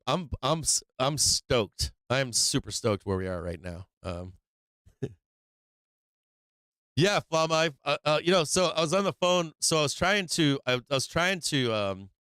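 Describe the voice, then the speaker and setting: A man hosting a live trading stream, talking casually and excitedly, swearing freely and laughing often. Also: medium pitch, smooth, dry recording. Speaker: livestream trading host. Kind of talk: casual livestream chat.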